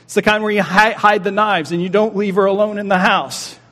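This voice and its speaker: Man in his forties, pastor, emphatic sermon, fairly high voice, reverberant church hall. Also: fairly even intonation, sharp tone. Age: 40s. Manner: earnest, emphatic, slow dramatic pauses. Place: church sanctuary.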